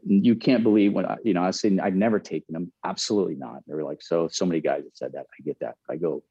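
A man's voice: deep voice, fast, warm tone, breathy edge, no room sound, highs cut off. An earnest man in middle age, a former pro ball player telling a candid story, often repeating and restarting his phrases.

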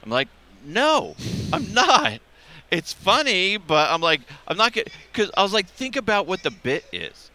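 A man's voice: high voice, very animated, fairly quick, few pauses, sharp tone. A man hosting a podcast in casual chat, loose and profane, laughing at his own jokes. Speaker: podcast host. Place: convention radio row.

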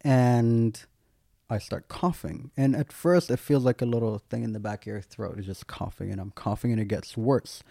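Dark, dry-voiced man telling his story. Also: mid-range voice, moderate pace, vocal fry, dry recording. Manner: candid, loose, peppered with "like" and self-mocking humour. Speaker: guest. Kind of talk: personal storytelling in casual conversation.

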